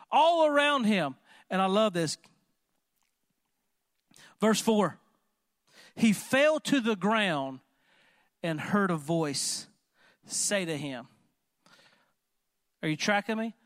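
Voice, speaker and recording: A man preaching a sermon in an animated, conversational way, often asking the congregation questions. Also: extremely high pitch, dry recording, clean studio sound. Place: church.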